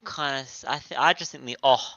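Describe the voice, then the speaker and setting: A man's voice: mid-range voice, pushed and bright, dry recording. Teasing British man on a dull line. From Britain. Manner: teasing, laughs often, halting restarts. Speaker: co-streamer. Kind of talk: casual livestream chat.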